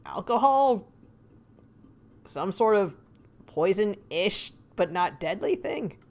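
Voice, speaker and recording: A woman's voice: medium pitch, a little hiss or hum. A woman streamer giving casual, chatty let's-play commentary. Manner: chatty, animated, quick to laugh.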